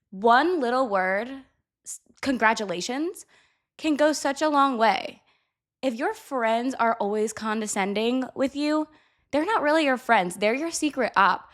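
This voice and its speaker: A young woman talking straight to her camera in a casual, candid vlog. Her voice sits a little high, and she is blunt and unfiltered, swearing freely as she talks. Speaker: vlogger. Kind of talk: casual advice chat to camera.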